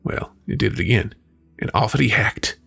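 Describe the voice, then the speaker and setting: A man's voice: on the low side, expressive, normal speed, gravelly, fairly bright tone, breathy edge. A man hosting a folklore show, telling a folktale in a folksy storytelling manner and then reviewing a book. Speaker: folklore podcast host.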